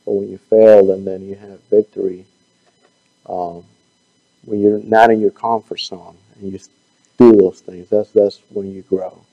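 Hoarse man teaching a gravelly Bible class. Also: fairly low pitch, level tone, mellow, dull audio. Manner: halting, stumbles and repeats words. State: losing his voice. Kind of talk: Bible study teaching and closing prayer.

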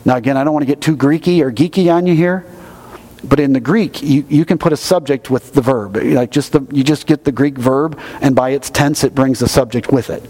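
A man's voice: mid-range voice, fairly quick, few pauses, mellow. A middle-aged man preaching a sermon, conversational and emphatic as he explains scripture. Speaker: pastor.

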